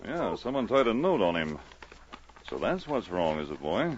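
An actor playing a calm, kindly Mountie sergeant in an old radio drama. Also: male voice, deep voice, moderate pace. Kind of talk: 1950s radio drama acting. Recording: dull old radio broadcast with hiss.

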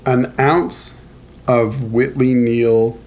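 A man's voice: medium pitch, drawn-out words. A man from northern Canada co-hosting a podcast, chatting loosely and swearing freely. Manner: loose, swearing, lively storytelling. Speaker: podcast co-host. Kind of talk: casual chat.

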